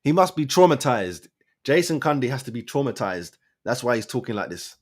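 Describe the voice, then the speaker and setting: A man's voice: medium pitch, big pitch swings, brisk, slightly rough. A man hosting a channel, giving mocking, incredulous live commentary over a radio clip.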